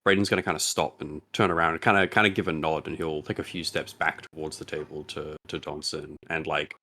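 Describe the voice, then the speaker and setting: A man's voice: extremely low pitch, fairly even intonation, fairly quick, pushed and bright. A man player narrating his character's actions at a tabletop game, with many hesitant fillers.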